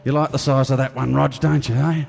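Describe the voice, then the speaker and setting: A man's voice: mid-range voice, level tone, fairly quick, creaky, a little mellow. A man doing a stage impression of a crude, half-drunk middle-aged Australian bloke who brags and croons a song, with a leering, blokey manner. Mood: boastful, leering. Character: crude boozy middle-aged Aussie bloke, bragging lounge singer. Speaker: comedy impressionist. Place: live stage venue. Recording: echoey hall with band music.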